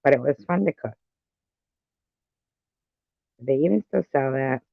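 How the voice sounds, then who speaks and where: Woman host of a home live stream: gravelly, unhurried, rambling chat with silly sing-song bits, dull lo-fi audio. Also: rumbling low, animated, no echo.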